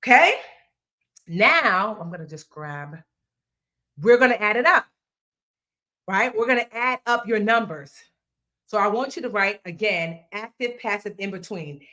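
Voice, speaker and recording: Lively playful woman teaching a live class. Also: medium pitch, a little slow, long pauses. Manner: lively, playful, talks straight to viewers, drops into slang and snatches of song. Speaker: financial educator hosting a live workshop.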